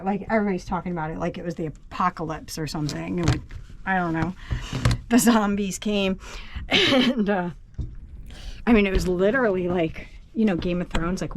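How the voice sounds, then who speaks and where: A woman's voice: lowish voice, noisy background. A woman from New England on her boat, out of breath, chatting in a casual, rambling vlog style. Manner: chatty, laughing, slow and rambling. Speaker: boat vlogger. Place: on a boat, below deck.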